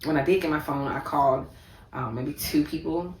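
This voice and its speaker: A woman's voice: deep voice, moderate pace, slight background noise. A woman vlogger telling a personal story in a vivid, repetitive way, with many fillers. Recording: echoey room, distant mic.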